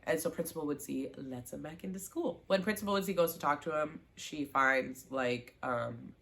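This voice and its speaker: Bright, animated woman recapping a show. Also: low voice, moderate pace, vocal fry. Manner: animated, gushing storyteller who acts out characters' lines. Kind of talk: casual TV recap.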